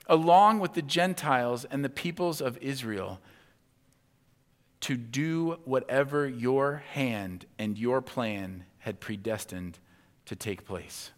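A man's voice: medium pitch, slow pace. A man preaching a sermon to his congregation, animatedly acting out imagined indignant reactions. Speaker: pastor. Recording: long hall reverb.

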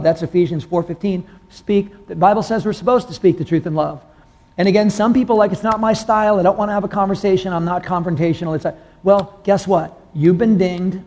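A man pastor preaching a sermon in a casual, conversational way, asking the congregation questions and rising in pitch when he gets excited. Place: church room with congregation.

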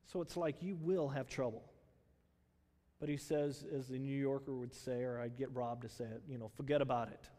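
A man's voice: medium pitch, fairly even intonation, normal speed, warm tone. A man preaching a sermon in a conversational way, asking the congregation questions and using many fillers. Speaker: pastor. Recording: hall reverb.

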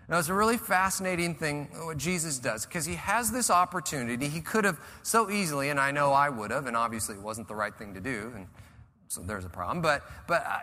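A male pastor preaching a conversational, animated sermon and acting out the people he describes. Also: fairly high pitch, fairly quick. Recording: reverberant church hall.

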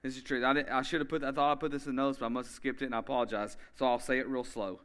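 A man preaching a sermon as pastor, emphatic and energetic, speeding up in bursts and slowly repeating key phrases. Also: medium pitch, smooth. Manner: energetic, with quick bursts of speech.

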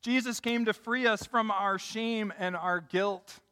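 A male pastor delivers a sermon in a large room, and his voice trails into a long reverb. He builds to emphatic peaks and then drops low and quiet for his stories. His voice is high and bright. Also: fairly even intonation, a little slow.

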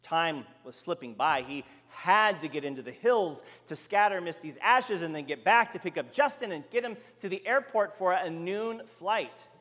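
Male preacher, story-driven sermon, lively pitch, large reverberant hall. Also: moderate pace, hardly any pauses. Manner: animated storytelling, voicing the characters.

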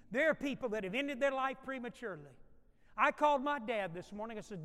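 A male pastor preaches with a fairly high voice and repeats his lines for emphasis. His words ring out through a church sanctuary with a long reverb, and at times he falls to a hushed tone. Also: fast talker. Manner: emphatic and repetitive, dropping to soft, quiet passages. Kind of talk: sermon.

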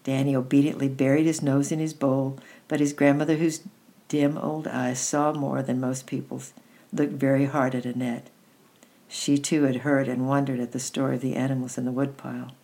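A woman reading a children's book aloud in a gentle, unhurried way, with small restarts. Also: rumbling low, flat delivery. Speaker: storyteller.

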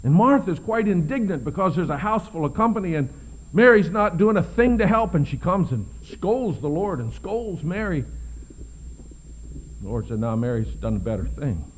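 A man preaching a sermon with expressive delivery, dropping to soft hushed lows and rising to loud emphatic peaks, slowing down to stress key words. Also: highs cut off, a little hiss or hum.

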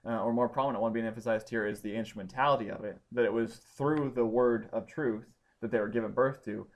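A man teaching a Bible study class, explaining points step by step and pausing to check that his students follow. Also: medium pitch, fairly even intonation. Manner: explanatory, checks understanding with questions.

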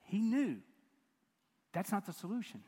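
An older male pastor tells a sermon story with wry, lively humor. His voice sits high for a man. It rings out with the long reverb of a large sanctuary. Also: a little slow, slightly rough. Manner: animated, self-mocking storytelling with chuckles.

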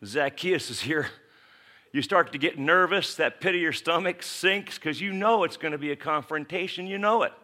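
A pastor delivers a sermon from the pulpit in a bright, forward, rather high voice, speaking briskly with hardly any pauses. His casual, direct talk to the congregation retells a Bible story with lively flair as he slips into the characters' voices.

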